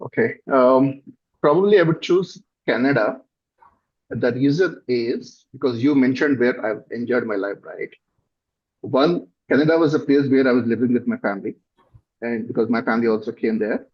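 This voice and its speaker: A middle-aged man with a South Indian accent gives interview answers in a husky voice at an average pitch for a man. He talks thoughtfully and haltingly, pausing on fillers and restarting phrases. The recording sounds dull and lo-fi. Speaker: company director, guest.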